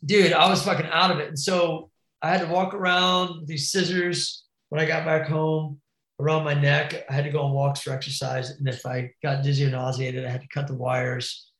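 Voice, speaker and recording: A man with a somewhat high voice tells a gnarly crash story in loose, animated slang, peppered with bro, dude and curses. His voice rings in a roomy, echoey space. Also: moderate pace. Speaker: podcast guest, BMX rider. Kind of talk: casual storytelling.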